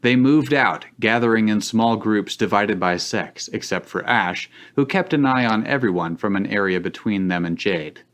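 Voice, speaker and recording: A man narrating fanfiction aloud for laughs on a live stream, dry and deliberate. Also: lowish voice, fairly bright tone. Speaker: narrator and host.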